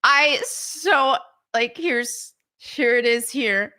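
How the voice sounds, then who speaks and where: Woman streamer chatting slow, high bright voice, keeps giggling and poking fun. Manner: giggly, mocking. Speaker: live-stream host. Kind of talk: casual live-stream chat.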